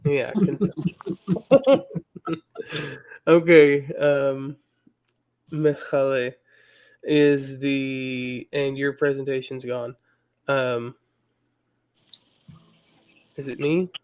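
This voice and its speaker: A man speaks at an unhurried crawl, pausing often as he thinks aloud through each answer. His pitch sits in an ordinary middle range, and he sounds like he is on a video call. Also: flat delivery, a little mellow, smooth. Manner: slow and hesitant, thinking aloud while parsing words. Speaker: student in an online language class. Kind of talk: casual online class discussion.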